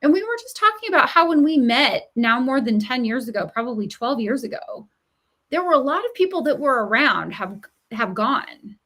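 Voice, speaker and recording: A middle-aged woman with a somewhat high voice talks as a podcast guest. She tells her stories with animation and is quick to laugh. She coaches the listener with emphatic encouragement. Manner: animated storyteller who acts out quoted voices and laughs often. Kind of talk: conversational podcast interview.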